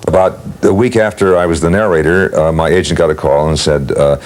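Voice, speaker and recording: Very deep-voiced older man telling stories. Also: steady tone, fairly quick, darkish tone. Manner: leisurely anecdotal telling, acts out quotes. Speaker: interviewee recalling work as a voice actor. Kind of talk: storytelling interview.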